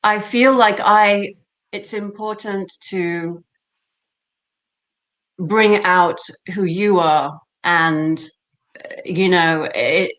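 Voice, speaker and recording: A woman's voice: mid-range voice, fairly even intonation, very slow, pauses often, fairly bright tone. A British woman, an actress, chatting animatedly in an interview with many fillers and laughs. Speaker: actress, guest. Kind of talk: casual interview chat.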